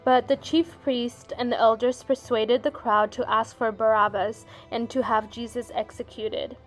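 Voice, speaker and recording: A woman reads scripture aloud in a steady, solemn way. Her voice sits a little high. Soft music plays underneath her. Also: unhurried. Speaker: scripture reader. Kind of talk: scripture reading.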